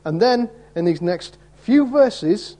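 A man with a high-pitched, dark-toned voice speaks slowly with lively intonation as he preaches an expository sermon. He keeps it conversational, turning statements into rhetorical tag questions for listeners and acting out the quoted voices in the story.

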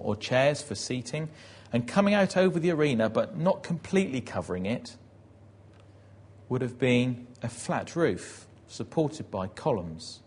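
Guy preaching, kinda husky, acts out the crowd yells and prayers. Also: mid-range voice. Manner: vivid retelling, acting out crowd shouts and prayers. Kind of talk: dramatic sermon storytelling.

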